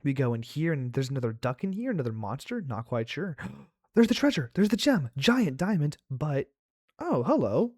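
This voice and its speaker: A man's voice: on the high side, sing-song, moderate pace, darkish tone, no room sound. Man, game host, chatty playful reactions, dry close sound. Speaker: let's play host. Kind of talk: playing a game aloud.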